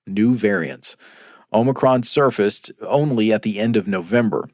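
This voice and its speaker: Measured low-voiced male podcast co-host. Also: no echo, clean studio sound. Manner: measured, explanatory, frequent "uh" fillers. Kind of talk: casual news discussion.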